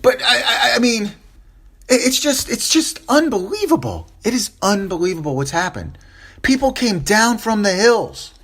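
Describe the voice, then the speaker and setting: A man's voice: high-pitched, expressive, normal speed, fairly bright tone, husky. A man hosting a solo opinion podcast, upset and impassioned, repeating phrases for emphasis and stumbling over restarts. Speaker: podcast host.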